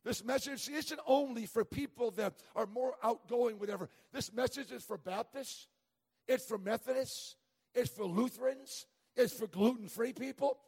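A middle-aged traveling evangelist preaches in a church sanctuary, telling humorous stories and stumbling through frequent stammered restarts. His voice is very high, darkish and slightly rough at a moderate pace, with long church reverb.

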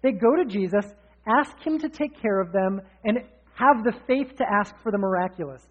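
A man preaching a sermon in an energetic, candid, conversational way. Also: sits high, normal speed. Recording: tinny phone-like sound.

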